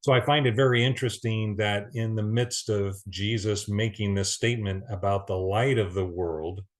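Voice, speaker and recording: A man giving an earnest Bible teaching, reading scripture aloud with pauses and restarts. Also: fairly low pitch, steady tone.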